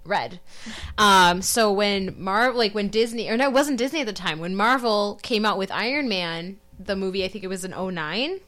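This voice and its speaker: A woman's voice: mid-range voice, normal speed, fairly bright tone. A woman co-hosting a podcast in casual chat, rambling with asides and laughing often. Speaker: podcast co-host.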